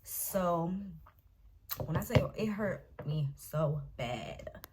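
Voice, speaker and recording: A young woman vlogger tells a dramatic storytime straight to her viewers, calling them "y'all" and "baby" in an animated retelling. Her voice is fairly low and she speaks very slowly, with slight background noise.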